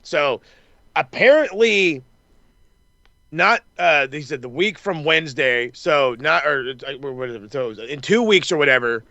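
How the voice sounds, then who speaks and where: A man's voice: a little high, measured pace, no echo, highs cut off. A man hosting a casual wrestling recap chat, swearing freely and acting out what people said. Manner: profane, excitable, acts out quotes. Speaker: wrestling podcast host.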